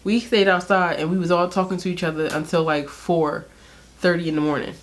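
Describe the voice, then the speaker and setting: Candid young woman with a low voice. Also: steady tone, fairly quick. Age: young adult. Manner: candid, sarcastic, laughs often, slangy. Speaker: beauty vlogger telling a story. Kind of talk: casual storytime chat.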